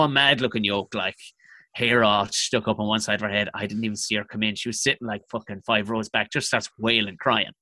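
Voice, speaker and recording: A man's voice: mid-range voice, sharp tone, dry recording. A young man, telling comic stories in a profane, self-mocking way on a podcast. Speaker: comedian guest. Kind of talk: storytelling podcast chat.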